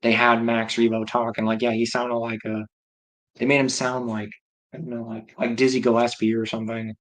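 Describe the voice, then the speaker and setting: Flat-voiced man chatting on a livestream. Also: medium pitch, moderate pace, poor audio. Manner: rambling, reacting aloud to chat. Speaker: livestream host. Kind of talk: casual chat reading viewer comments.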